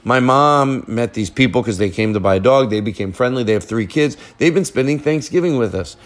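A man's voice: mid-range voice, expressive, a little fast. Rambling man hosting a podcast. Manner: rambling, joking storyteller, wanders off-track. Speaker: podcast host. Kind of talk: casual chat. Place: living room of a family house.

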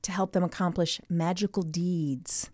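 A woman's voice: fairly low pitch, fairly even intonation, unhurried, a little mellow, dry recording, clean studio sound. A woman co-hosting a podcast, telling a story in casual chat with lots of asides. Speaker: podcast co-host.

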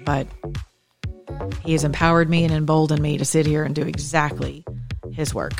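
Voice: medium pitch, little pitch movement, normal speed, vocal fry, long pauses, over music. A talk radio host delivering an emphatic, scornful opinion monologue on a close studio mic. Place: Atlanta area.

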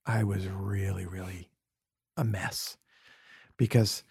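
A man from Brooklyn with a low, gravelly, husky voice, speaking earnestly in a reflective conversation. He tells emotional stories and slips into soft whispers. The sound is close and dry. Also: fairly even intonation, slow, no room sound. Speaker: podcast guest.

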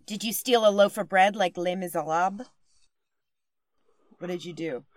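Young woman podcast host, low voice, rambling self-deprecating chat, dry sound. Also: normal speed, dry recording. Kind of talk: casual monologue and interview.

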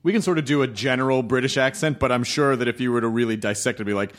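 An animated male host talks in casual conversation. He is chatty, laughs often, and keeps the talk moving. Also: mid-range voice, racing.

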